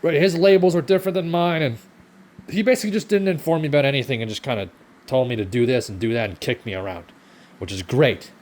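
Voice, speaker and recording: A man's voice: medium pitch, fast talker, darkish tone. A young man venting in a casual vlog from his home kitchen, frustrated and sarcastic, swearing often. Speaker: vlogger. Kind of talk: ranting vlog while cooking.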